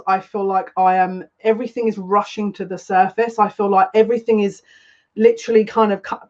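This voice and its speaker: A woman's voice: mid-range voice, darkish tone. A woman hosting a casual live psychic reading stream, chatty and rambling, greeting viewers by name. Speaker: psychic tarot reader. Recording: dull lo-fi stream audio with faint noise.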